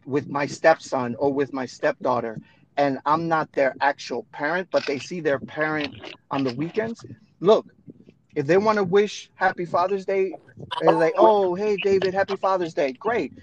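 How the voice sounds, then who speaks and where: A man's voice: on the high side, lo-fi sound, a little hiss or hum. A man co-hosting a podcast, telling personal stories in a blunt, emphatic way with casual swearing. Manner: blunt, emphatic storytelling with profanity. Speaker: podcast co-host. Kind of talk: casual chat.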